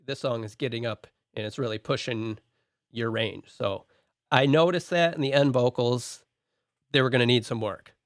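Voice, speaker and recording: A man's voice: medium pitch, moderate pace, dry recording, studio quality. A man co-hosting a podcast, walking through his production notes on a song point by point in a casual, methodical way.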